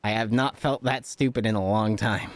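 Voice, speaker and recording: A man's voice: lowish voice, fairly even intonation, moderate pace. A young man chatting casually on a live stream, rambling and joking, swearing often and laughing a lot.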